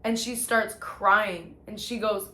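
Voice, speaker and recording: A woman with a mid-range voice shares her personal testimony slowly and in a steady tone, like a vlogger in a casual, confessional mood. She's candid and profane and keeps stopping to restart her sentences. The room is echoey, with faint background noise.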